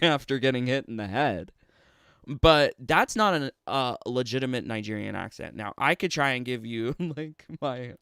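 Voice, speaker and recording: A man's voice: medium pitch, fairly bright tone, smooth, dry recording, studio quality. A man with a Canadian accent, streaming and ranting casually, sarcastic and laughing often between phrases. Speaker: streamer and commentator. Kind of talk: casual livestream rant.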